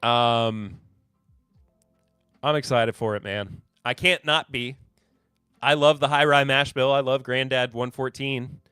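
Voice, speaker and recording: A man hosts a live whiskey podcast in a smooth, resonant voice at an ordinary pitch. He rambles through new bottle labels with a sarcastic, self-deprecating streak. The sound is dry and close, with faint music underneath. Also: steady tone, takes it slowly, long pauses, pushed and bright, no room sound. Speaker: podcast host.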